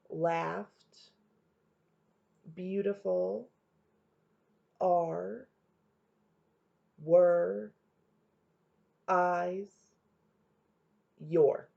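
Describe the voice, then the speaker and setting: A woman's voice: lowish voice, fairly even intonation, very slow, creaky, pauses often, mellow. A woman teacher leading a reading lesson for young students, patiently explaining step by step and checking in often. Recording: dull lo-fi home recording.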